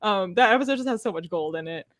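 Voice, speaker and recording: A woman talking casually as a host, laughing easily. She slips into quick impressions of characters as she goes. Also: mid-range voice. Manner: giggly, animated, mimics characters in quoted lines. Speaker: podcast host. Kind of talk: casual chat.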